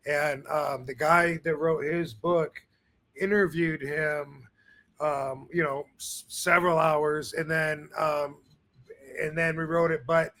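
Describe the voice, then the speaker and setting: A man's voice: on the high side, little pitch movement, slow, fairly bright tone. A man hosting a podcast in casual chat, rambling with many fillers and restarts. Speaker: podcast host.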